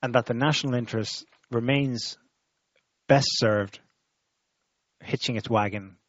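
A man in casual political chat, speaking in a measured, hesitant way with ums and repeats. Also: mid-range voice, no room sound, lo-fi sound.

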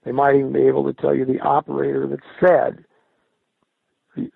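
An older man, a former military radio linguist, recalling his service in a halting interview style, often repeating and restarting words. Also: medium pitch, completely flat delivery, creaky, slightly rough, dry recording. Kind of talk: recollecting in an interview. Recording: dry, tinny phone-like sound.

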